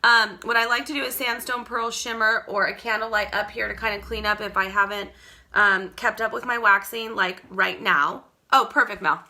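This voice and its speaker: A talkative woman runs a live makeup tutorial from home. Her voice is strikingly bright and ringing. She rambles as she works and chats with viewers by name. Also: medium pitch. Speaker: makeup seller demonstrating products.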